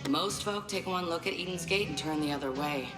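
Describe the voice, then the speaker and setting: A woman playing a blunt, low-voiced rural fighter. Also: a little fast, reverberant, over loud music, lightly acted, rough recording. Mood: determined. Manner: steady, persuasive, blunt. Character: tough rural woman resistance leader. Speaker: video game character.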